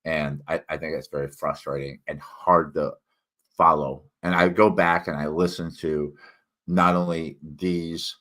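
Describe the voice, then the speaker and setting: A low-pitched American man with a bright, forceful edge to his voice, chatting on a solo livestream. He wanders off-topic, restarts his sentences and fills gaps with ums, and some words come out slightly slurred after tongue cancer. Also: flat delivery, measured pace. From United States. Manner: digressive, many fillers and restarts. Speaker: independent author and solo livestream host. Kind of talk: rambling solo livestream chat.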